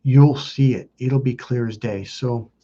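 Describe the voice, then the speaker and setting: Husky man telling blunt personal stories. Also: medium pitch, warm tone, lo-fi sound. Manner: blunt and profane, quick asides. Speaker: self-help video host. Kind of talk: casual confessional storytelling.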